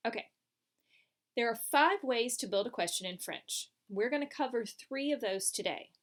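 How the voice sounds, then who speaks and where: A woman's voice: a little high, animated, normal speed, a bit bright. A woman teaching a French lesson, explaining patiently step by step over slides. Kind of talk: recorded classroom lesson.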